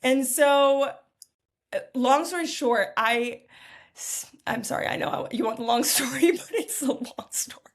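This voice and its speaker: A young woman telling a long personal story as a podcast guest in a lively, chatty way. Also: high voice, unhurried. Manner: lively, chatty, lots of "like" and "y'all". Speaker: podcast guest, food entrepreneur. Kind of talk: casual storytelling.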